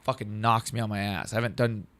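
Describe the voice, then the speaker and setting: A man in his thirties, a comedian, telling a story in casual talk, profane and animated, acting out what others said. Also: lowish voice, fast talker. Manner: animated, profane, acts out quoted dialogue. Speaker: comedian guest.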